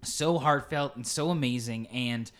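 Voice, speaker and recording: A man's voice: mid-range voice, unhurried, a bit bright. A young man in casual podcast chat with an ordinary mid-range voice. He gushes about what he loves and leans on filler words. The talk stays loose and eager. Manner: gushing, enthusiastic, many fillers. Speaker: podcast co-host.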